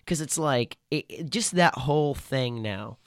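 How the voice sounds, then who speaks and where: A man's voice: medium pitch, animated, measured pace, vocal fry, dry recording. A man hosts a casual chat, rambling loosely and joking as he goes. His voice sits in the middle of the range and sounds close and dry.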